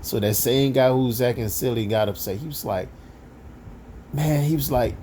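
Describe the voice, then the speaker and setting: A man with a mellow, warm-toned voice tells a work story in a loose, conversational way. He rambles and keeps dropping "you know" between phrases, in relaxed everyday slang. A faint hum of room noise sits underneath. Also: mid-range voice, normal speed. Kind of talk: casual spoken storytelling.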